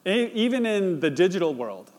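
A man's voice: sits high, very animated, normal speed, darkish tone. A male pastor preaching, reading a scripture passage aloud and retelling it in plain storytelling before drawing the lesson. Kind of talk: sermon.

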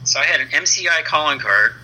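A man's voice: a little high, fast talker, husky, poor audio. A man in his fifties, a comic book letterer and interview guest, casually telling an anecdote and acting out the dialogue. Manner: lively storyteller who acts out quoted dialogue.

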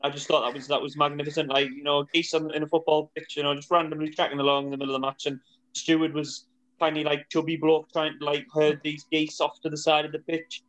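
A man's voice: a little high, flat delivery, fast talker, a bit bright, rough recording. A man co-hosting a football podcast, rambling through a funny anecdote with lots of fillers. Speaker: podcast co-host. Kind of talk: casual chat.

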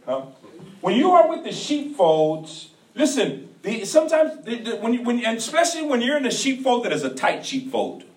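A man preaching a sermon as pastor, in a call-and-response style that rises to shouts. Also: very high-pitched, very animated, normal speed. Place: church sanctuary. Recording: echoey church hall from far off.

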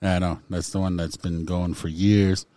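A man's voice: sits low, level tone, moderate pace, dark tone, dry recording, studio quality. A man hosting a casual song-guessing game with friends, reading lyrics aloud in a playful, theatrical way. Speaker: game host.

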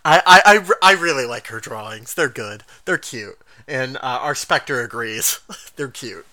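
A man co-hosting a casual podcast, recapping an anime episode in an animated way, laughing often and quoting characters in quick asides. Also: medium pitch, no echo, clean studio sound. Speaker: podcast co-host.

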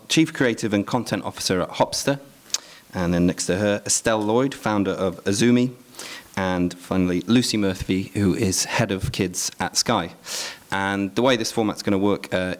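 A man, a magazine editor, introducing a conference panel in a relaxed way with many fillers. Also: sits low.

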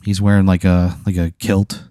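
Low, dark-voiced man spinning a story. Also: little pitch movement, moderate pace, no echo, studio quality. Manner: rambling, filler-heavy narration. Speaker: game master of an improv bit. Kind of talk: casual improvised storytelling.

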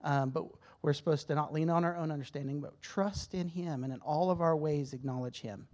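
A man's voice: a little high, fairly even intonation, a little fast, a little mellow. A man giving a candid, conversational sermon-style testimony to a church, emotional at times and often restarting his sentences. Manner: conversational, candid, self-correcting. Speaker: church speaker.

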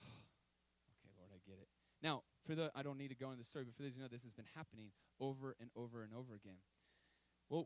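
A man in his thirties preaching a sermon, telling stories with emphatic, sudden loud outbursts. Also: medium pitch, low-quality recording.

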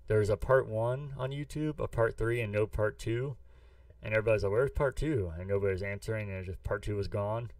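A man from the US Midwest rambles through a long story on a podcast, swearing freely as he goes. His voice sits on the low side. It sounds dry and a little removed from the microphone. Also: steady tone, brisk, no room sound, far from the mic. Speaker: podcast co-host. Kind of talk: casual chat.

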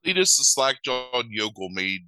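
A man's voice: medium pitch, big pitch swings, a little slow, sharp tone, clean tone, no room sound, low-quality recording. A man who is sick with a cold, recapping a film in casual, profane chat, rambling and correcting himself as he goes. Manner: rambling, crude, self-correcting retelling. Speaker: podcast co-host recapping a film.

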